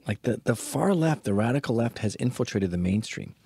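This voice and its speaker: A man hosts a podcast alone, delivering a sarcastic, crude, rambling monologue. His mid-range voice is animated, fairly quick and warm, with vocal fry and a breathy edge, in a dry recording.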